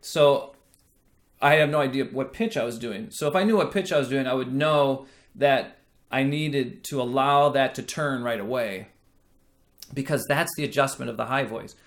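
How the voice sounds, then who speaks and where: A man teaching a singing lesson, explaining slowly and checking in with the listener as he goes. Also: medium pitch. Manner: slow, explanatory teaching with frequent "right?" checks. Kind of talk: singing lesson with sung demonstrations.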